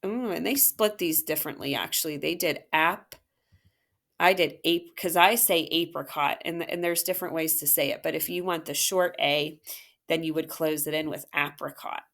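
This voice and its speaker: With a low, gravelly, slightly bright voice, a woman teacher leads a phonics lesson walkthrough from a worksheet. She sounds out words slowly, syllable by syllable, patiently encouraging and praising the listener.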